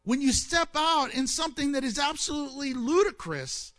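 A man preaching a sermon, telling stories with questions to the listeners and acting out the quoted voices. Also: normal speed. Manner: animated storytelling, asks the audience questions and answers them; acts out quoted voices with swings in pitch and loudness.

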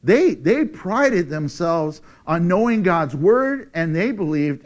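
Preacher guy, kinda high voice, swings way up and down, laughs a lot, gets loud on the big lines. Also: takes it slowly, hardly any pauses. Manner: animated, laughs often, shouts for emphasis; dramatic scripture reading. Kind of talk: sermon.

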